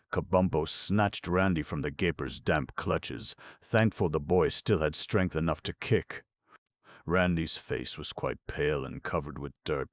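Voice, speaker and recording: A man narrating a children's fantasy audiobook in a steady storytelling manner. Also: extremely low pitch, dry recording. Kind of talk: scripted narration.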